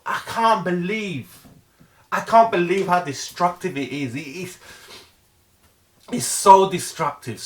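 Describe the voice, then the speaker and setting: In a motivational monologue, a middle-aged male vlogger with a high voice pleads earnestly and emphatically. He drives points home through heavy repetition and often stumbles over the beginning of a phrase, restarting before pushing on.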